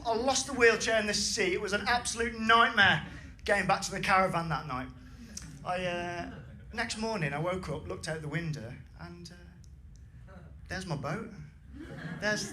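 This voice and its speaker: A young man from England doing a brash, swearing stand-up set on a comedy club stage. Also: high-pitched. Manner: brash, swearing, punchy delivery over audience laughter. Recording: live club recording with crowd laughter.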